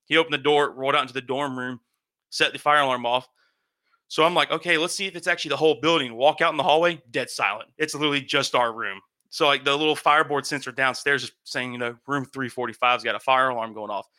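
A young man casually telling a long, animated story, swearing and acting out what people said. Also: medium pitch, fast. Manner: animated, swearing, acts out quotes.

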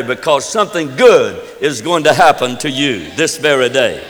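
A man's voice: medium pitch, sing-song, normal speed, hardly any pauses, a bit bright, big-room sound, a little hiss or hum. A pastor preaching a sermon, emphatic and leading his congregation in a spoken prayer.

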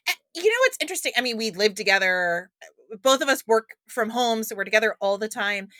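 A woman co-hosting a podcast, talking in a bubbly, quick, casual way. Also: fairly high pitch, expressive, pushed and bright, dry recording, studio quality. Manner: bubbly, quick, laughs often. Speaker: podcast co-host.

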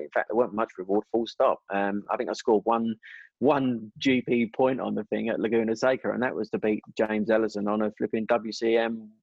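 A man's voice: lowish voice, darkish tone, no room sound. A man telling racing stories in a casual interview, rambling with many restarts. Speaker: guest, former motorcycle racer. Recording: dull dry sound.

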